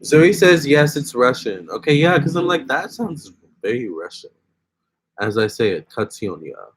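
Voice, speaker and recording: A man's voice: fairly high pitch, very animated, moderate pace, a little hiss or hum. A young man hosting a casual phone livestream, chatting with viewers and reading their comments aloud. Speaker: livestream host.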